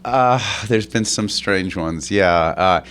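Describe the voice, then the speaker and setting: A man's voice: sits low, slow pace, a bit bright, smooth. A middle-aged man, an actor, telling a rambling anecdote with many restarts and laughs, often raising his voice to act out other people's lines. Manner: acts out others' lines in a raised voice. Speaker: interview guest, actor.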